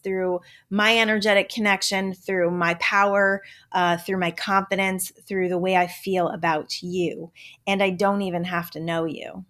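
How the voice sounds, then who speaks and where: An older woman hosting a motivational self-help talk show, emphatic and blunt, swearing casually and now and then slipping into a joking Southern drawl. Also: mid-range voice. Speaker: podcast host.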